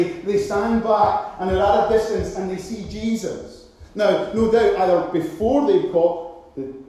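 A man preaching a sermon with dramatic delivery, now and then acting out loud shouted cries. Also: high-pitched. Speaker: pastor. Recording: very echoey hall.

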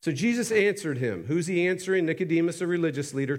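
A man preaching a sermon in church, reading scripture aloud and asking emphatic questions, swinging between loud and hushed delivery. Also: fairly high pitch, animated, a little fast, hardly any pauses. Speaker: pastor. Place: church sanctuary.

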